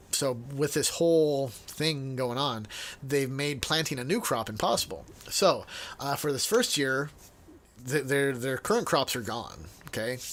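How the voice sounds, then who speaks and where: Chatty man leading a Bible study. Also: mid-range voice. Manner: chatty, laughs often, repeats words while thinking; reads scripture aloud in a measured, quieter tone. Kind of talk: casual Bible study teaching.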